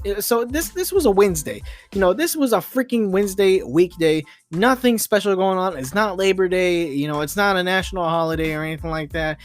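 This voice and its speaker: Rambling young man ranting. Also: high-pitched. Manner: rambling, heavy on fillers and restarts; exasperated ranting, swears softly. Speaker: podcast host. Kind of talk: casual late-night storytelling monologue.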